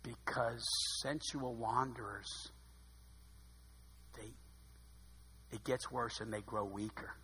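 A man preaching a sermon, dramatic, swinging from hushed asides to loud emphasis. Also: mid-range voice, fairly even intonation, takes it slowly, pauses often, breathy edge. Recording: long hall reverb.

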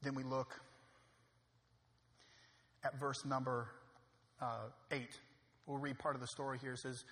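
A man in his thirties preaching a sermon as a pastor, swinging from loud preaching peaks to quiet storytelling. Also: mid-range voice, little pitch movement, unhurried, pauses often. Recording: long reverb of a hall.

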